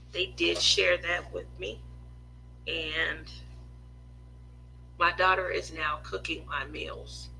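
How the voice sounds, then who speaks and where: A woman in her forties talks slowly and openly to her craft viewers, drifting from thought to thought. Her voice is very bright and sharp, with a gravelly fry underneath. A faint hum sits behind her at home. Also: lowish voice, low-quality recording. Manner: rambling, open, full of "you know" and "um". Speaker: craft vlogger. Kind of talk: casual chat to viewers.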